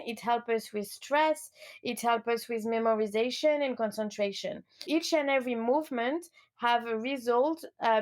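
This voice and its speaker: A woman in her thirties with a French accent, speaking as an interview guest, earnest and upbeat, with frequent pauses and fillers. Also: fairly high pitch. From France. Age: 30s. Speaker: guest, educational kinesiology coach. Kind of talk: casual interview conversation.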